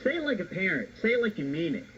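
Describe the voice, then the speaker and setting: A man's voice: high voice, sing-song, quick pace, a bit bright, slight background noise. A man making a radio prank call, goading the woman on the line in a mock-flirty way. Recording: dull lo-fi radio recording.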